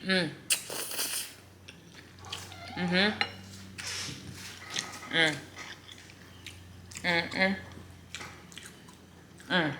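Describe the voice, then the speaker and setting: A woman casually chatting to viewers between bites, murmuring softly as she eats at home. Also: fairly low pitch, steady tone, drawn-out words, long pauses, background noise. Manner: talks between bites with soft murmured mm sounds. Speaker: mukbang vlogger. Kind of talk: casual chat while eating. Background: faint lawn mower and clinking cutlery.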